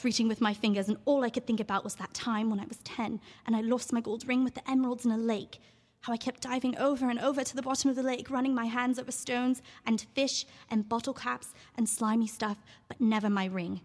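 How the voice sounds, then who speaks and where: A woman performs a neurotic, anxious young woman with a British accent, pouring out a confession in a breathless stage monologue. The voice sits a little high and tips toward panic. A long reverb trails after each phrase. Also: steady tone, a little fast, lightly acted. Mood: rising panic. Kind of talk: theatre monologue reading.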